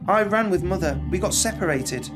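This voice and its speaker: A man's voice: high voice, lively intonation, normal speed, over music, pitched above the performer's own voice. A man voicing a frightened but defiant young boy in a game read-aloud. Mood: earnest.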